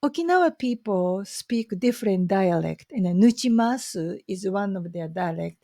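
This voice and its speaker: A woman's voice: mid-range voice, expressive, moderate pace, mellow, no echo, clean studio sound. A Japanese woman speaking English with a Japanese accent, chatting casually and enthusiastically to camera as a vlogger, with many fillers.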